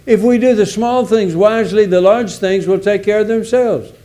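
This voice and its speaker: A man delivering a sermon with a folksy, emphatic delivery. His voice sits a little high for a man, with a mellow, dark-edged tone. He leans on repeated words to drive each point home. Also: normal speed. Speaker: visiting preacher.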